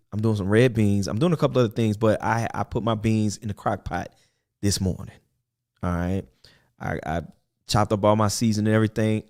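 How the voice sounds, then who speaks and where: Animated male talk radio host. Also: fairly low pitch, smooth. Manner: animated, preachy, repeats himself, laughs often. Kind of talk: casual talk radio monologue.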